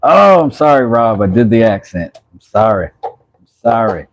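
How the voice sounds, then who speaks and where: A man's voice: mid-range voice, very animated, unhurried, slight background noise, low-quality recording. A man hosting a casual woodworking livestream, rambling and self-mocking as he reads chat messages aloud.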